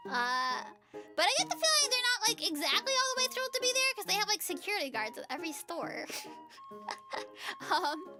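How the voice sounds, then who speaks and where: A woman with a very high, bright-toned voice narrates her travel vlog. Her pitch bounces widely as she rambles through asides, fillers and jokes in a casual, chatty way. Music plays clearly underneath her voice-over. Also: big pitch swings, a little fast. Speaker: travel vlogger.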